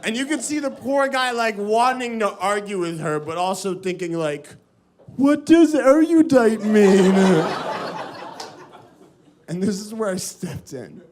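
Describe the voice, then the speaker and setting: A man doing a stand-up comedy set, animated and quick to stumble into filler restarts. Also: high-pitched. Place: comedy stage before a live audience. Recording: live set with audience crowd noise.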